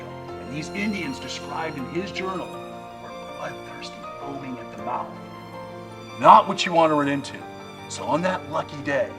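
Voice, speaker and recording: A middle-aged man telling a spooky tale in dramatic campfire style, dropping to a hush and then swelling loud. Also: fairly high pitch, poor audio. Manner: dramatic, swings between hushed and loud. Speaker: storyteller. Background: music.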